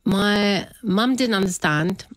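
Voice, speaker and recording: A woman telling a personal story in an interview, lively, often acting out what others said. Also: medium pitch, takes it slowly, no room sound. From British-raised, Punjabi family. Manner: animated storytelling, acts out quoted voices, laughs often. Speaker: interview guest.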